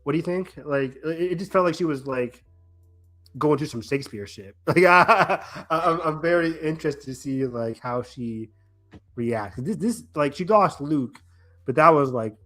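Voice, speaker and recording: A man co-hosting a casual podcast recap, talking in a rambling, animated way with many restarts and quoted reactions. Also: on the high side, normal speed, faint music behind. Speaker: podcast co-host.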